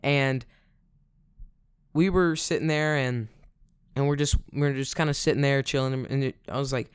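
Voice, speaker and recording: A man's voice: medium pitch, fairly even intonation, moderate pace, clean tone, no room sound, studio quality. A man telling a casual storytime in a rambling way, full of fillers. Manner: rambling, filler-heavy, "like" every few words. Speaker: vlogger.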